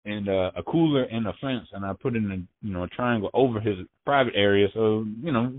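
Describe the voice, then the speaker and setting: A man telling his story in casual, profane slang, halting and restarting often. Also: lowish voice, no room sound. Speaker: interviewee. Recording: tinny phone line.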